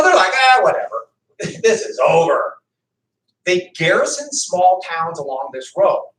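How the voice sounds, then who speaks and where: Guy teaching history in a classroom, lively storytelling, a bit high voice, roomy and off-mic. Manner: animated storytelling, acting out quotes, quizzing students. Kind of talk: classroom lecture. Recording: echoey classroom, far from the mic.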